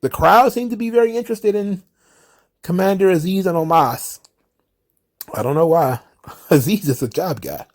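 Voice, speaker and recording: A man hosting a casual solo wrestling commentary, talking in an animated way and mocking wrestlers with quick impressions. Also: sits high.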